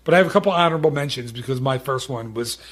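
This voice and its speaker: A man's voice: mid-range voice, very fast, a crowd in the background. A man hosting a casual travel podcast chat, talking in loose, restarting sentences. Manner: chatty, restarts sentences often. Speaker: podcast host.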